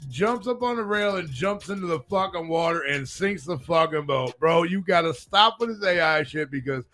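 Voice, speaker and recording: A man's voice: on the high side, expressive, moderate pace, a bit bright, soft background music. Profane laughing male podcast host. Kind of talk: crude casual podcast banter.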